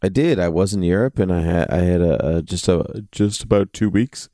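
A man's voice: sits low, normal speed, warm tone, dry recording, studio quality. A man co-hosting a casual podcast, jet lagged, playful and rambling. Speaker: podcast co-host.

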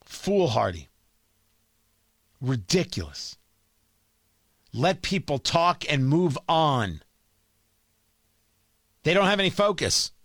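A man's voice: on the high side, animated, slow, long pauses, fairly bright tone, no echo, clean studio sound. A man hosting a political commentary show, scolding and exasperated as he rants about his own side.

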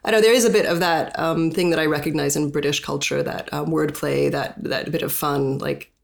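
A woman's voice: low voice, steady tone, a little fast, vocal fry. A woman hosting a podcast interview, talking loosely with many fillers and side tangents. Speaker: podcast host. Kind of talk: conversational interview.

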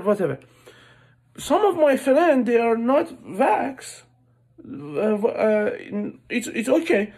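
A man's voice: very high voice, breathy edge, full character voice. A comedian doing an exaggerated Persian-accented immigrant man, ranting in broken English with blunt insults. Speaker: amateur comedian. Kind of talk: comic rant to camera.

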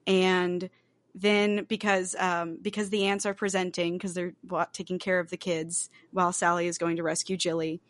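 A woman's voice: on the low side, little pitch movement, moderate pace. A woman co-hosting a podcast in casual chat, talking freely with lots of fillers and the odd swear. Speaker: podcast co-host. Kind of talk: casual chat about a film.

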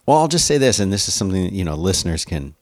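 A man's voice: deep voice, big pitch swings, very fast, no room sound. A man co-hosting a podcast in casual chat, thinking aloud with hesitant restarts. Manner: thoughtful, hesitant, many restarts. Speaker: podcast co-host.

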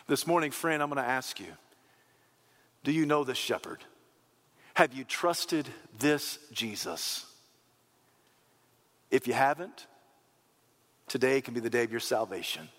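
Preacher, male, high gravelly voice, impassioned sermon delivery, long church reverb. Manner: impassioned, rising to shouts.

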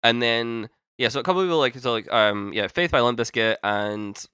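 A man's voice: mid-range voice, a little fast, sharp tone, clear, resonant tone, dry recording, studio quality. A young man co-hosting a casual podcast chat, rambling and cutting himself off mid-sentence, swearing casually now and then. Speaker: podcast co-host.

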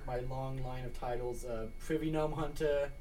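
A man's voice: medium pitch, fairly even intonation, moderate pace, a little mellow, a little hiss or hum, low-quality recording. A man guesting on a casual podcast, with a mid-range voice. He chats easily and throws in dry jokes. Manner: joking, wry.

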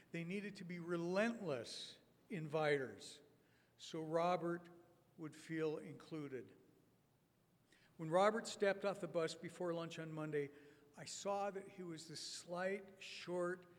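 A man in his sixties gives a talk that tells stories the way a sermon would. He speaks at a slightly higher pitch than most men, in a measured, wry way with deliberate pauses. His voice rings with the long reverb of a conference hall. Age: 60s. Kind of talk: prepared talk with sermon-like storytelling.

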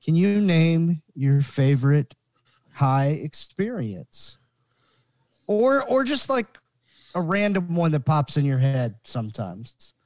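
A man's voice: fairly high pitch, big pitch swings, slow, darkish tone, dry recording. A man co-hosting a comedy podcast with a laid-back, goofy manner. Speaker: podcast co-host. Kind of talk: casual podcast chat.

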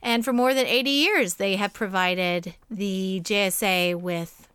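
A woman's voice: medium pitch, unhurried, a bit bright, clear, resonant tone, no room sound. A woman co-hosting a podcast who chats expressively and reads out listener questions. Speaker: podcast co-host. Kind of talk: casual podcast chat.

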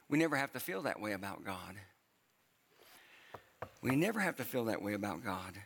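Bright-voiced preacher in a reverberant hall. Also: male voice, fairly low pitch, very animated, moderate pace, gravelly, pauses often, a little hiss or hum. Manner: conversational preaching, repeats phrases for emphasis. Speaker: pastor. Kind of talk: sermon. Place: church auditorium with long reverb.

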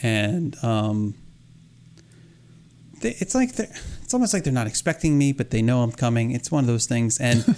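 A man in casual conversation, wandering through a long anecdote with many restarts. He acts out little quoted exchanges along the way, at a middling pitch. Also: lively intonation, normal speed, darkish tone. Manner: rambling storyteller, many restarts and acted-out quotes. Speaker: podcast co-host. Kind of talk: casual chat.

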